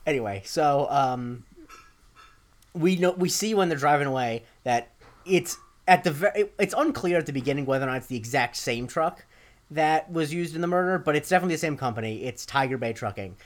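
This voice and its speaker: A man's voice: a little high, animated, brisk. A young man co-hosting a podcast, recapping a TV episode in a rambling, casual chat with dry asides. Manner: rambling, many ums and restarts, dry asides. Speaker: podcast co-host.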